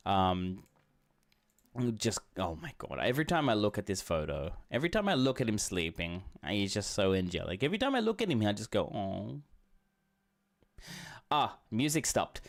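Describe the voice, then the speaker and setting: A man streaming a game, talking casually and rambling warmly, with lots of fillers and restarts. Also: fairly low pitch, sing-song, brisk. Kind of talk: casual chat while streaming. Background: faint background music.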